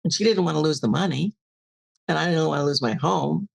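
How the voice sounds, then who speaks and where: Gravelly older woman telling a story. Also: low-pitched, brisk. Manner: animated, acts out dialogue in her story. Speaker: podcast guest. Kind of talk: casual interview storytelling.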